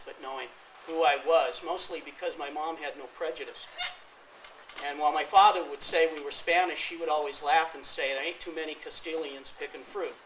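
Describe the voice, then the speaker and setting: A man's voice: fairly high pitch, a bit bright. A man in his fifties speaking to a university class, telling his family story with wry asides. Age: 50s. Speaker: guest speaker. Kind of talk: classroom talk. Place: university lecture hall. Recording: distant mic with faint room noise.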